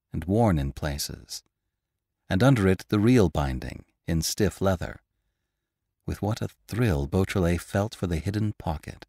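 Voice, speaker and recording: A low-voiced man reads a classic adventure story aloud as the host of an audiobook podcast. His delivery is animated, with wide swings in pitch as he brings the scenes to life. The recording is dry and close. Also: creaky, dry recording. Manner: expressive, voices characters with raised pitch. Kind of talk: scripted audiobook narration.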